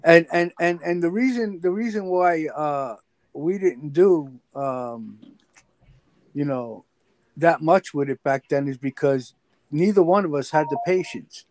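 Blunt, higher-voiced man cursing casually. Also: a little slow, darkish tone, no room sound. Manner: blunt, profane, stammering repeats. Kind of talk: casual live-stream chat.

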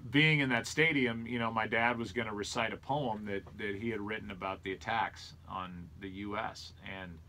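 A middle-aged man speaks with a somewhat low voice. He tells a personal story in an earnest, reflective way, as a guest in a conversational interview. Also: pushed and bright, slight background noise. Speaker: sports broadcaster and interview guest.

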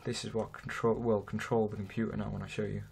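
Demoing a homemade app, a late-teen developer with a Welsh accent talks fast in a lowish, slightly mellow voice with vocal fry and a level tone. He's casual, rambling and self-deprecating, with slight background noise behind him.

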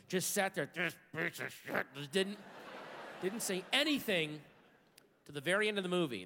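A man doing a stand-up comedy routine on a theater stage, telling stories with sudden shouted outbursts. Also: on the high side. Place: large theater stage with live audience. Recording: live hall recording with crowd.

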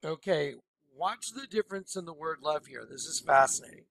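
A man leading an informal screen-share Bible study, excited and rambling, often telling listeners to watch. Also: a little high, normal speed, vocal fry, no room sound, clean studio sound. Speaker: Bible teacher.

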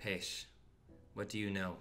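A man's voice: lowish voice, little pitch movement, a little slow, fairly bright tone, faint music behind. A man hosting a casual board game over a voice call, playful and theatrical with mock-serious lines. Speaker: game host.

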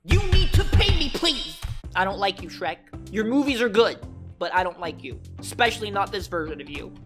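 A young man commenting on a horror game, joking and shouting at the scares. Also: high voice, sing-song, normal speed, over music. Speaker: gaming commentator.

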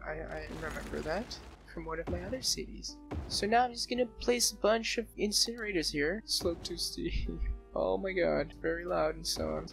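A man with a slightly high, gravelly voice talks through his game in casual commentary. He is excitable, breaks into laughs and exclamations, and soft guitar music plays faintly behind him. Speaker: let's play gamer. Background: soft background music.

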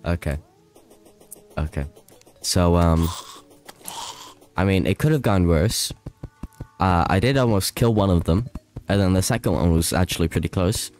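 A low-voiced man talking slowly and loosely as he streams a game live, reading chat aloud and chatting with viewers. He slides into panicked, laughing outbursts when things go wrong, and there is faint music behind him. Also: a little mellow.

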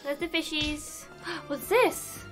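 A young woman commentating her own game play, excitable and prone to swearing. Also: high-pitched, moderate pace, soft background music. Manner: excitable, swearing, laughing often. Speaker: gaming video host.

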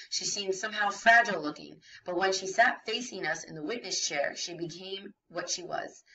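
A woman's voice: on the low side, sharp tone, far from the mic, highs cut off. Woman teacher reading a novel aloud.

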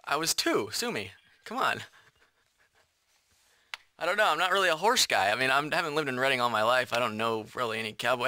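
Man voice actor, bright and lively, dry close studio sound, jokey between takes. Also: mid-range voice, a little fast, long pauses, no room sound. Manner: jokey, self-mocking, breaks into mock cowboy talk. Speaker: voice actor recording game lines.

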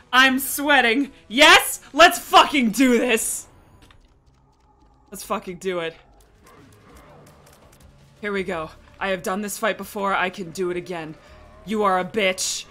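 A young woman streaming a game live, muttering and swearing to herself, then yelling in frustration. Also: medium pitch.

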